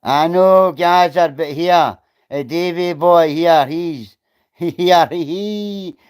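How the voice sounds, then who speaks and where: A man's voice: a little high, fairly even intonation, takes it slowly, clean tone. Blunt Scottish man on a livestream. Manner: blunt, swearing, talks straight to viewers. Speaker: livestreamer reading chat. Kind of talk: casual livestream chat.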